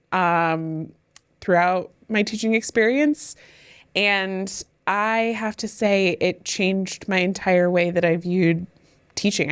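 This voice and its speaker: A woman and former teacher co-hosting a casual podcast, talking in an expressive, ranting way. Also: medium pitch. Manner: expressive, ranting, quick laughs.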